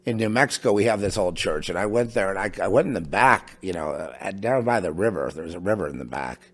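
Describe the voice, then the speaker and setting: Low-voiced man rambling casually. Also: lively intonation. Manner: halting, many restarts and trailing asides. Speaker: podcast host. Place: home in New Mexico.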